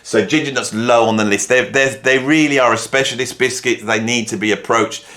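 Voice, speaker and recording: A man's voice: medium pitch, steady tone, brisk, bright, forceful tone. A middle-aged man, ranking things in a rambling, mock-indignant monologue with dry humor. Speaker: video host.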